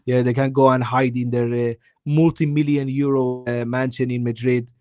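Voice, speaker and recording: A man's voice: mid-range voice, level tone, normal speed, dark tone, no echo, clean studio sound. A man giving a heated football opinion on a live stream, weary and emphatic, repeating himself for stress. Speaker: guest co-host.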